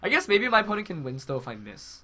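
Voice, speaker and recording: A man's voice: high-pitched, big pitch swings, quick pace, sharp tone. A young man with a head cold, congested, casually commentating his own match while thinking aloud with fillers and self-corrections. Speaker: game commentator.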